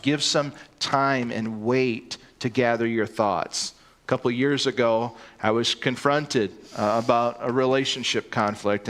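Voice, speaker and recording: A man's voice: medium pitch, fairly bright tone. A man preaching a sermon, earnest and emphatic, often repeating words as he starts a sentence.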